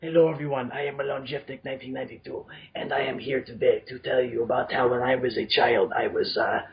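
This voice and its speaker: A man putting on a creepy, slow, deep-voiced young man who talks in a delirious drone. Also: fairly even intonation, creaky, dull audio, close to an everyday voice. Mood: creepy, droning.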